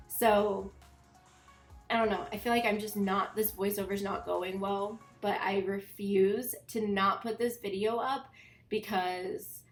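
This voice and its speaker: A woman's voice: medium pitch, steady tone, a little slow, reverberant, faint music behind. A young woman vlogger chatting casually in a voiceover, congested and a bit nasal, rambling with lots of fillers.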